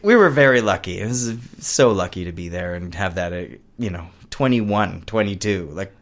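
A low-voiced man, animated and moderately paced, is a guest interviewed about the puppet shows he creates. He chats casually and rambles, often trailing off mid-sentence.

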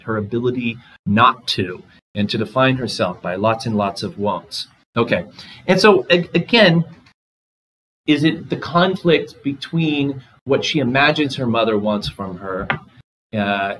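A man giving a literature lecture in a relaxed, conversational way, reading short passages aloud and commenting on them. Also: medium pitch, slightly rough, rough recording. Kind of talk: recorded lecture.

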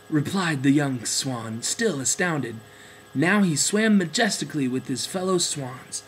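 A man narrating a children's storybook in a gentle, expressive way. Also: fairly high pitch, unhurried, slight background noise, low-quality recording.

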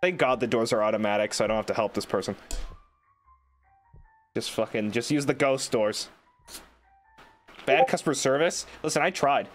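A man's voice: medium pitch, moderate pace, long pauses, faint music behind. A man streaming a game, rambling, joking and swearing in casual commentary. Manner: rambling, swearing, jokey outbursts.

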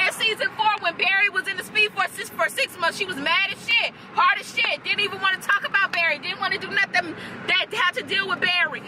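A young woman vlogger giving a blunt, profane and animated casual review. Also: very high voice, a little fast, a loud crowd, very noisy.

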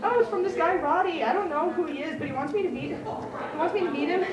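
A woman's voice: very high-pitched, quick pace, highs cut off, pitched above the performer's own voice. A woman voicing a whiny, sickly teenage girl in a comic retelling, sing-song and complaining. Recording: echoey room, far mic, crowd chatter.

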